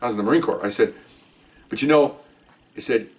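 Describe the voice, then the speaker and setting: An older man, a retired police officer, telling stories from his career in a casual, animated way, acting out the people he quotes. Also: lowish voice, fast talker, far from the mic. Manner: animated, acts out quoted voices. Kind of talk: casual storytelling.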